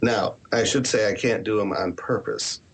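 A man's voice: lowish voice, moderate pace, husky. A man who writes horror and podcasts, answering interview questions in a candid, rambling way with self-deprecating asides. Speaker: author and podcaster.

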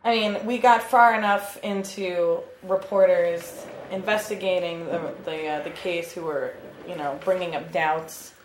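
A woman's voice: lowish voice, fairly even intonation, measured pace, hardly any pauses. Chatty swearing woman in an echoey room. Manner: chatty, swears, laughs often. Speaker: podcast co-host. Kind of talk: casual chat. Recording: echoey room with faint ambient noise.

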